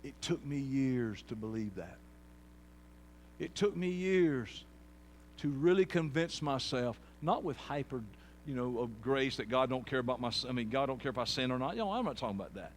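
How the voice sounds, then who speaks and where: A man preaching a sermon, swinging from quiet, low passages to loud, shouted peaks. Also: lively intonation, moderate pace, slight background noise. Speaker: pastor.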